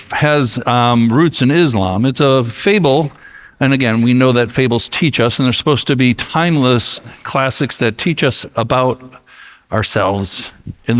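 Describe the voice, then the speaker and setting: A man's voice: mid-range voice, big-room sound. A male pastor giving a sermon in a conversational, storytelling way, recorded in a church sanctuary.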